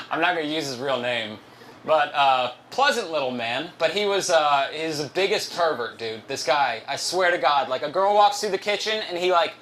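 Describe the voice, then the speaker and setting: A man's voice: a little high, a bit bright, slight background noise. A young man doing a stand-up comedy set at a live show, telling rambling, profane stories and laughing at his own jokes.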